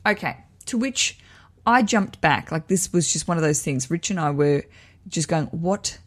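A woman's voice: sits low, expressive, normal speed. Candid, swearing woman host. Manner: candid, swearing, self-mocking; digressive, with frequent laughs. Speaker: host of a wedding advice show. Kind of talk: casual chat reading listener letters.

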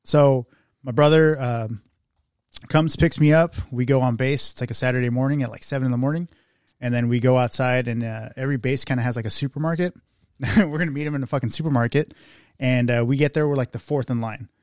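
A man's voice: mid-range voice, fairly even intonation, fast talker, darkish tone, dry recording, studio quality. Profane, rambling young man telling a story. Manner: profane, rambling, searches for names. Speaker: podcast co-host. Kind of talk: casual storytelling chat.

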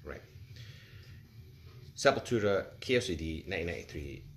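Low-pitched with lively intonation and normal speed, this forties-aged co-host of a laid-back music podcast wanders and hesitates, using many fillers and starting over often. Faint hiss sits under a roomy-sounding recording.

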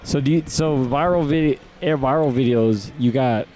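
A man's voice: mid-range voice, normal speed, dark tone. A man in a casual podcast chat, easygoing and chuckling.

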